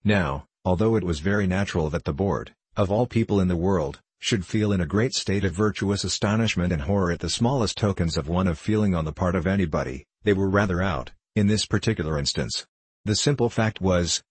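A man narrating a classic novel as an audiobook, reading in a measured, even way. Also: low-pitched, husky, no echo.

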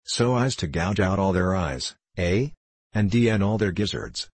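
A man's voice: deep voice, lively intonation, a little slow, slightly rough, no echo, full character voice. A man voicing a cocky twelve-year-old printer's boy who talks in a drawling country dialect. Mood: sly, earnest.

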